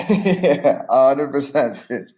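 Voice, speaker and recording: A man's voice: mid-range voice, expressive, takes it slowly, dark tone. A man in his twenties hosting a podcast, asking questions in a laid-back, casual way. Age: 20s. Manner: laid-back, says "dude". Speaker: podcast host. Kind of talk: casual interview talk.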